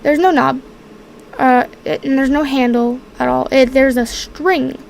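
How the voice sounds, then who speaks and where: Woman game master, high voice, slow and halting narration. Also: fairly even intonation, vocal fry, darkish tone, a little hiss or hum, poor audio. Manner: hesitant, searching for words.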